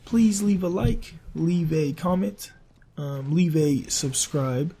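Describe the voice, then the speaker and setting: A young man telling a casual, profane story for his vlog in an animated way. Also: on the high side, slow, a little hiss or hum. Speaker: vlogger.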